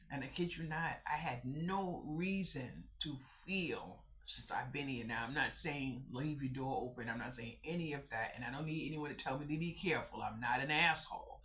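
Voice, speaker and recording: A vlogger telling a personal story in a casual storytelling vlog, chatty and animated, talking straight to viewers and repeating the same catchphrase. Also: mid-range voice, moderate pace, hardly any pauses. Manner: animated storyteller, repeats "I kid you not", acts out others' voices; chatty, addresses viewers directly. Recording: dull lo-fi recording.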